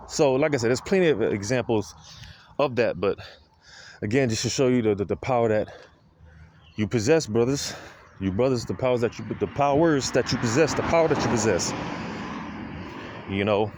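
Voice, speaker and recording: A man talking to fellow men in a casual, rambling monologue, with many restarts and repeated "you know". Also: medium pitch. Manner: repetitive, halting, lots of restarts and "you know". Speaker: speaker addressing fellow men. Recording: background street noise.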